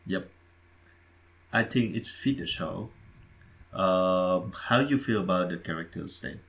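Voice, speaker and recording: Halting, low-voiced podcast man. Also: animated, creaky, a bit bright, slightly rough. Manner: hesitant, repeats words, halting phrasing. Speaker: podcast co-host. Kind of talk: casual podcast chat.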